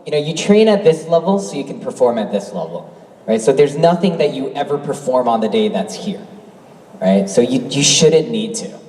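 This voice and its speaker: A man's voice: mid-range voice, sing-song, normal speed, a little mellow. A man chatting on a convention panel, chiming in with eager questions. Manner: eager interjections and follow-up questions. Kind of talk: casual conversation. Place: large convention hall. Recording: echoey hall from far off.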